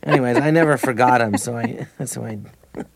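A man's voice: medium pitch, fairly quick, vocal fry. Man in his thirties, comedy guest, rambling anecdotes, restarts, studio mic. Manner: rambling, restarts mid-sentence, laughs between stories. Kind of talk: casual anecdotal interview.

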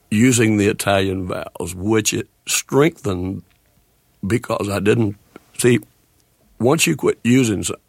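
A man in his sixties with a gravelly voice and a speech disorder, talking slowly and haltingly as a guest in a radio interview. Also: on the low side, no echo. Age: 60s. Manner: halting, with restarts and slow deliberate phrasing. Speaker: guest, country singer.

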